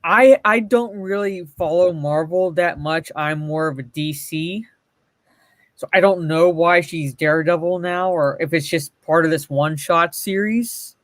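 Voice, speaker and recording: A sarcastic man chatting casually on a show, his voice sitting somewhat high for a man. The sound is dry and close, with almost no room echo. He reads lines aloud and mocks them as he goes. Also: a little slow, a bit bright. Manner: sarcastic, reads comic panels aloud, swears. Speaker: podcast co-host. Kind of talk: casual commentary chat.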